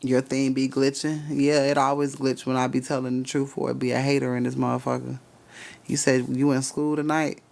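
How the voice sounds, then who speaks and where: Gravelly, profane live-streaming man. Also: mid-range voice, level tone, a little fast, darkish tone. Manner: profane, laughing, talks straight to the chat. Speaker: live-stream spiritual reader. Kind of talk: casual live-stream chat.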